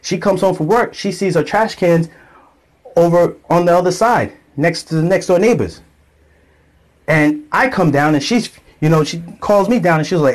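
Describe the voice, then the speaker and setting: Man, casual monologue vlog, lively storyteller, slightly raised pitch. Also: moderate pace. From grew up in an island community. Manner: animated storytelling, acts out quoted voices. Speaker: vlogger.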